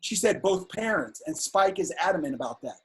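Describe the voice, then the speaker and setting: A middle-aged man, a filmmaker guest on an interview show, telling animated, indignant stories in casual talk. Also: fairly high pitch, quick pace, husky. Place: home on a video call.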